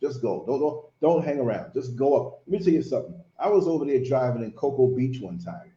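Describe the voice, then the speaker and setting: A man in his fifties hosting a casual chat, telling stories in an animated way and laughing big. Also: medium pitch, fairly quick. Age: 50s. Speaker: podcast host. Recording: lo-fi echoey call audio.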